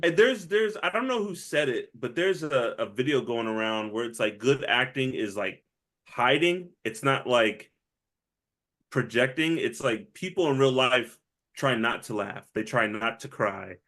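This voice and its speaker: Speaking a little slowly in a mid-range voice, a male co-host of a movie podcast chats casually about films. He's animated, breaks into frequent laughter and performs lines from the movies.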